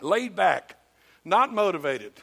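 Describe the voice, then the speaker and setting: A man's voice: high-pitched, sing-song, slow pace, gravelly, fairly bright tone. An older man from Georgia with a Southern accent, preaching a sermon in a folksy, emphatic storytelling manner with humor. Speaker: pastor.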